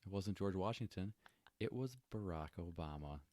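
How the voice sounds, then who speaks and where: A young man co-hosting a podcast, telling stories in a relaxed, jokey way with lots of fillers. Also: deep voice, moderate pace, dry recording. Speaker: podcast co-host. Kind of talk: casual chat storytelling.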